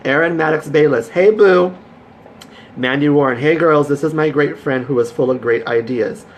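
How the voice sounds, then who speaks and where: Man, live stream host, chatty, effusive, mid-range pitch, faint background noise. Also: fairly even intonation, fairly quick. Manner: effusive, chatty, greets viewers by name. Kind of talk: casual Facebook Live chat.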